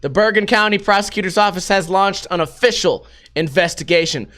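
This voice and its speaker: A man with a high, bright voice hosts a casual news-commentary podcast. He jokes and curses freely as he goes, and breaks into laughter often. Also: fairly quick. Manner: profane and joking, laughs often. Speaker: podcast host.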